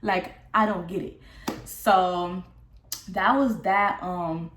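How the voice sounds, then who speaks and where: A young woman telling a casual storytime vlog, recounting a falling-out in a candid, profane and animated way. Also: on the low side, slow. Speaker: vlogger. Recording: roomy echo.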